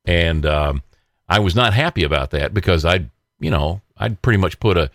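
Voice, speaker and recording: A man's voice: low-pitched, lively intonation, normal speed, fairly bright tone, no echo, clean studio sound. A man hosting his own podcast, talking in a rambling, casual way with many fillers and restarts and frequent chuckles. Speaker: podcast host. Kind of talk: casual solo political podcast monologue.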